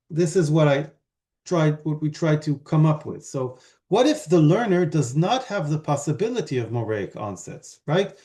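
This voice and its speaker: Man, academic lecture, somewhat high voice, mellow tone, hesitant, many fillers and restarts. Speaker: linguistics lecturer. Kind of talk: academic conference talk.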